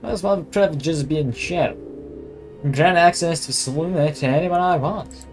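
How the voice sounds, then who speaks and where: A man's voice: fairly high pitch, unhurried, a little mellow, faint music behind, close to an everyday voice. A man voicing a friendly cowboy sheriff in a game, with a drawled, folksy manner and an attempted American accent. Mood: proud.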